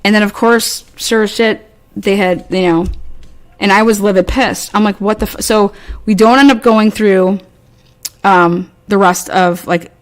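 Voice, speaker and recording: A woman recounts a story in casual podcast chat, swearing often and sounding fed up as she rambles and restarts. Her pitch sits in the middle range. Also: steady tone, unhurried. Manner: profane, exasperated, rambling with many restarts.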